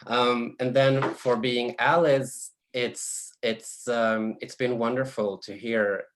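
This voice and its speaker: A man from Sweden, an author, speaking softly and hesitantly with many restarts on a video call panel. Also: mid-range voice, steady tone, slow pace, background noise.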